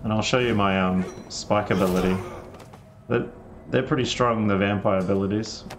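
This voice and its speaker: A man's voice: lowish voice, fairly even intonation, normal speed, slight background noise. A man giving casual, rambling commentary while streaming a game and answering viewer chat.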